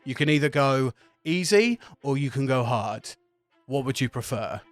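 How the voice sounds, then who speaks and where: A man's voice: mid-range voice, expressive, moderate pace, no room sound, soft background music, close to an everyday voice. A man voicing a stern male naval officer who gives clipped, threatening orders.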